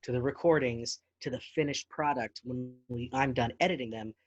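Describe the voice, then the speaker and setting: A man in his forties, an actor talking as a guest in a casual interview, animated and laughing easily. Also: medium pitch, moderate pace, no room sound, highs cut off. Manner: animated, laughs easily, slips into accents for jokes. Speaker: actor and podcast producer, guest.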